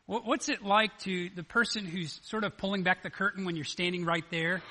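Bright, high-voiced male preacher. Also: moderate pace, few pauses. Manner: animated, acts out the scripture dialogue in lively voices. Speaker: pastor. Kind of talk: sermon.

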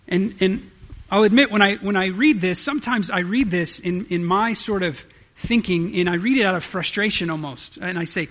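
A man with a high, light voice preaches an earnest sermon. He reads scripture aloud and keeps pressing rhetorical questions on his listeners. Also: fairly bright tone. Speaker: pastor. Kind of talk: expository sermon.

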